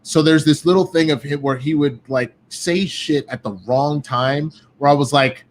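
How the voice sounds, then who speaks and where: A man in casual podcast chat, telling animated, profane stories and acting out what others said. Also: fairly high pitch, moderate pace, slight background noise. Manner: profane, animated storytelling with quoted voices. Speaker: guest.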